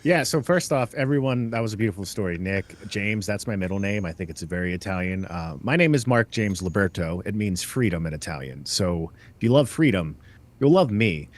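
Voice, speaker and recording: A man chatting as a game show contestant, deadpan and joking with self-assured asides. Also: on the low side, brisk. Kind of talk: casual comedic chat.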